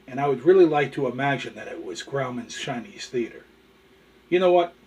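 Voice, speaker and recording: A man's voice: medium pitch, lively intonation, brisk, a little mellow. A male show host telling corny jokes and showing collectibles in a folksy, chatty way. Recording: distant from the mic.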